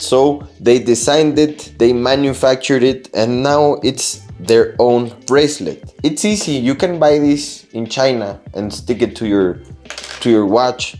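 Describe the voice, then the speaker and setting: A man's voice: medium pitch, a little mellow. A man whose first language is Spanish, reviewing watches in a casual vlog and giving his opinions in an earnest, explaining way with small restarts.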